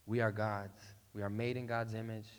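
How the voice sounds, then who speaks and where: A pastor giving a casual, playful sermon that breaks into emphatic bursts. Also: male voice, on the low side, flat delivery, normal speed, clean tone. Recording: long reverb in a large hall.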